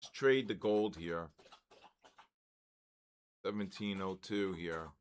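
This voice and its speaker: An older man hosting a live trading stream, giving excitable market commentary, greeting viewers and stumbling over his words. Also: deep voice, slow, clean tone.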